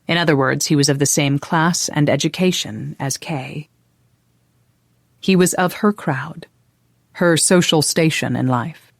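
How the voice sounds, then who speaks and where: An audiobook narrator reading a historical romance in an even, unhurried way. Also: medium pitch, creaky, no echo, studio quality. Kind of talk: scripted narration.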